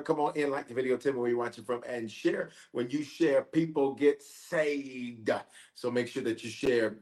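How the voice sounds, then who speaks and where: A man, a bishop, leading a livestreamed prayer night, energetic and repetitive as he calls out to viewers and preaches. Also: mid-range voice. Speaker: bishop, pastor. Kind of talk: livestreamed prayer service, casual greeting.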